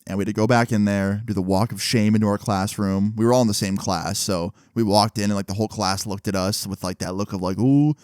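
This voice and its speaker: A man's voice: on the low side, clean tone, no room sound, studio quality. Chatty man rambling through a story. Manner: rambling, lots of "like" fillers. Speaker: vlogger. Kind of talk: casual storytime.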